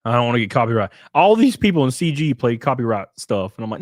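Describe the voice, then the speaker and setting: A man's voice: mid-range voice, sing-song, fast, few pauses, no echo, studio quality. A man chatting casually on a live stream, rambling, laughing and reading out chat messages. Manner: rambling, reads chat aloud, laughs often.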